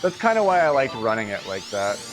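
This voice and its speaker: A man's voice: mid-range voice, big pitch swings, a little fast, music in the background. A man streaming a golf game, chatting casually, laughing often and swearing freely. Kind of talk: casual live game commentary.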